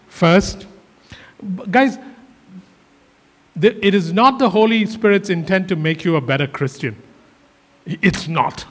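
A man's voice: on the high side, animated, measured pace, pauses often. A male pastor preaching a sermon in earnest, often repeating his phrases for emphasis. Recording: hall reverb.

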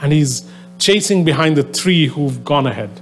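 Fervent man preaching, higher-pitched voice. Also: expressive, moderate pace, soft background music. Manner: conversational storytelling with many fillers, rising to fervent exhortation. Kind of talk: sermon to a live audience. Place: venue with a soundboard.

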